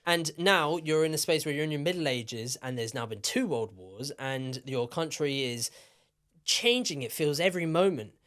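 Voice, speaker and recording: A man co-hosting a podcast, tipsy and telling a story in a lively, rambling way with plenty of swearing. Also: on the high side, normal speed. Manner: animated, swearing, repeats himself. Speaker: podcast co-host. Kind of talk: casual storytelling chat.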